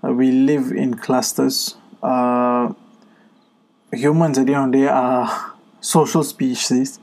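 A man's voice: medium pitch, level tone, slow pace, darkish tone. A man co-hosting a podcast in casual chat, speaking earnestly with many fillers and restarts. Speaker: podcast co-host.

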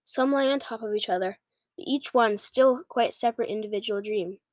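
A woman reads a children's book aloud, sometimes tripping over a word and starting it again. Her voice sits a little high. The sound is dry and close. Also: moderate pace, dry recording. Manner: stumbles and restarts words. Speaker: reader.

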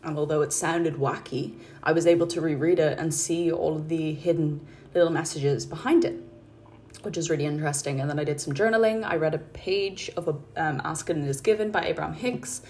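A woman hosting her podcast, talking in a calm, chatty, rambling way into her phone at home. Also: low voice, brisk, slight background noise. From Ireland. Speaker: podcast host and mindset coach. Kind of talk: casual spoken podcast chat. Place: her apartment.

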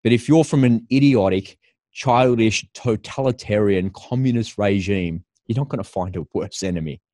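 A man's voice: on the low side, moderate pace, a little mellow, dry recording, studio quality. A middle-aged Australian man giving a scornful opinion monologue, breaking into laughter at his own points.

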